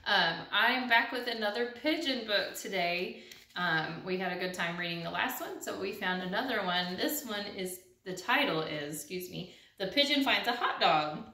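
A woman's voice: mid-range voice, expressive, normal speed, sharp tone. A woman teacher reading a picture book aloud at home in a cheerful, chatty way, filmed by someone else. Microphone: camera held by another person. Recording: roomy, recorded from a distance.

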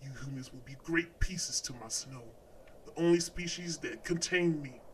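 A man voicing an ancient, hungry male snow deity in a horror game, speaking in a slow, gloating, theatrical way with whispered asides. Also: fairly high pitch, a bit bright, slight background noise, close to an everyday voice. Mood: menacing. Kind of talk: horror game villain monologue.

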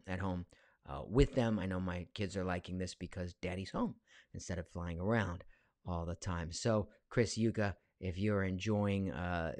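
A man's voice: low voice, a little mellow, dry recording. A man in his forties, a voice actor, chatting casually on a live stream from his home studio, reading viewer questions aloud with lots of fillers. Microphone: studio mic.

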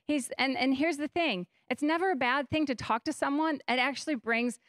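A woman's voice: high-pitched, moderate pace, fairly bright tone, no room sound, studio quality. A young woman pastor giving a conversational sermon in a church, telling stories animatedly and acting out her own thoughts. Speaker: guest pastor. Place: church stage.

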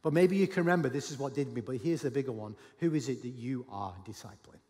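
Animated pastor preaching in a big hall. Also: male voice, mid-range voice, fast talker. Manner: animated, acts out Bible dialogue with sudden shouts. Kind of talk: sermon. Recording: long hall reverb.

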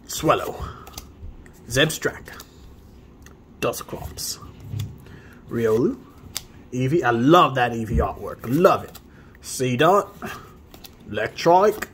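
A man hosting a video where he opens trading card packs, reading off each card and breaking into excited high exclamations at the good ones. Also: slow pace, long pauses, a little hiss or hum. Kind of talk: casual pack-opening commentary.

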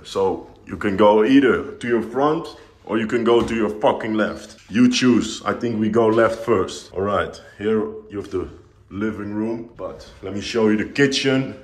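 Brash, foul-mouthed young man vlogging. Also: sits low. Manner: profane, brash, confrontational. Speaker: vlogger and online business coach. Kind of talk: casual vlog, motivational rant. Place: hotel gym and suite, indoors.

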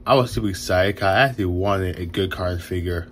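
A young man hosting a casual toy review vlog, excited, stumbling over his words and laughing often, recorded on a new phone camera. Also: deep voice, fast, slight background noise. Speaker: toy reviewer and channel host.

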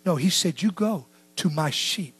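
A man preaching a sermon as pastor, swinging between shouted lines and hushed, low asides. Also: a little slow, breathy edge, no echo.

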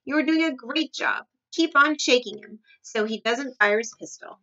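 A woman voicing an excited female giraffe who loudly cheers her friend on. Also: sits high, moderate pace, recorded from a distance, muffled recording, voice pushed up. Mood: encouraging. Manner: loud cheering cries.

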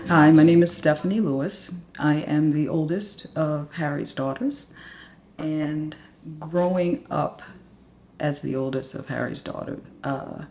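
A middle-aged woman giving a heartfelt documentary interview, telling warm family stories and growing emotional in places. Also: low-pitched, echoey room. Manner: heartfelt, storytelling, softening into emotion. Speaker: interviewee, eldest daughter.

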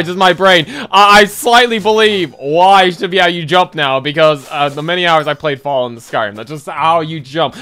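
A young man giving giggly, excitable, self-mocking commentary while playing a game. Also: on the high side. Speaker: gameplay commentator. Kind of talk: let's play commentary. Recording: game music behind.

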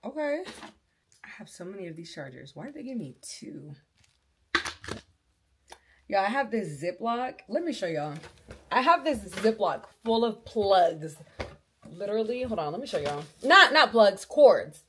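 A mother vlogging at home in casual chat, blunt and playful, swearing freely, her voice strained from yelling. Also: mid-range voice, very animated, a little slow, pauses often, a little hiss or hum. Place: home bedroom.

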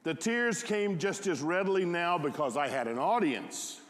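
A man telling a first-person story aloud at a concert, in a slow, reflective way. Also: sits high, lively intonation. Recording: echoey hall.

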